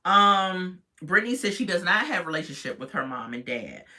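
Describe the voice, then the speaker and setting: Reviewer, casual recap, bright forceful voice, opinionated and animated with viewers. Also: fairly quick. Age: adult parent. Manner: chatty, opinionated, talks straight to viewers; animated, jumps in pitch when reacting. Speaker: reality TV reviewer.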